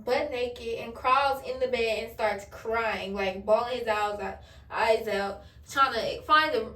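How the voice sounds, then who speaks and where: A woman's voice: high voice, sharp tone, distant mic. A young woman vlogger, telling a candid storytime full of slang and swearing while she does her hair. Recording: echoey room, voice a bit off-mic.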